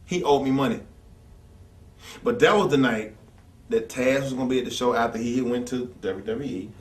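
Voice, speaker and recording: A man's voice: mid-range voice, moderate pace. A man telling stories in a blunt, profane rant as an interview guest, acting out the people he quotes. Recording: echoey room, distant from mic.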